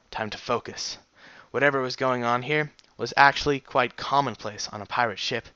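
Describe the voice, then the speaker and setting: A man casually reading a fan story aloud, animated, sometimes stumbling over words and chuckling at the text. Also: medium pitch, dry recording, dull audio. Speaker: reader.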